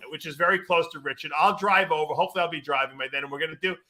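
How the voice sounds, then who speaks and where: A male podcast host talks fast in a very bright voice. He steers the conversation briskly from his home instead of his usual studio. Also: a little high. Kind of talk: casual group chat on a video call.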